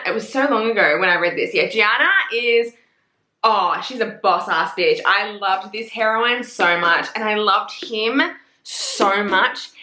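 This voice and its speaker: A woman's voice: mid-range voice, roomy sound. A young Australian woman with an Australian accent, gushing and swearing in a casual book review vlog. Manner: gushing, profane, excitable.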